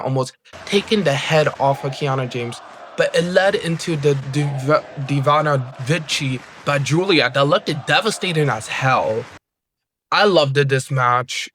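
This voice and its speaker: A man giving an excited, rambling wrestling review, full of "like" and restarts. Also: on the high side, slight background noise. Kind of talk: casual show review.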